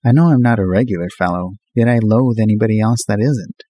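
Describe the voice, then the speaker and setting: A man's voice: fairly low pitch, brisk, mellow, breathy edge. A man voicing a restless, vain young male college student who talks eagerly about himself. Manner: eager, self-absorbed.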